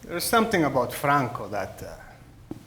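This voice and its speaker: A man's voice: mid-range voice, sing-song, a little slow, pushed and bright, roomy sound, slight background noise. A man playing a teasing, stubborn Italian immigrant father with an Italian accent, in stage play acting. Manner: teasing, exclaiming with Italian phrases.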